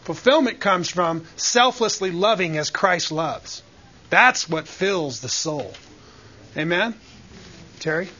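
A man leads a church Bible lesson, preaching and putting questions to the room. His voice sits high and comes across bright. The recording is a bit dull and lo-fi. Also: expressive, slow pace, breathy edge. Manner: preacherly, asks the group questions. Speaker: Bible teacher. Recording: dull lo-fi sound.

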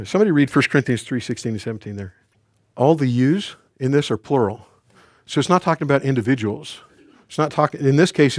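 A man leads a Bible study in a lively, emphatic way, pausing to ask the group questions. His voice sits at an ordinary middle pitch. The sound is dry and close, with hardly any room echo. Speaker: Bible class teacher. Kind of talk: conversational Bible study teaching.

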